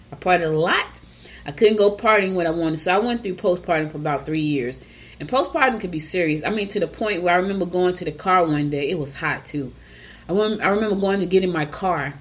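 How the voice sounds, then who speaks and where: A woman hosts a morning show in a chatty, casual way. Her voice sits a little low. She speaks straight to her listeners with easy asides. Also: fairly bright tone. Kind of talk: casual chat and reading horoscopes.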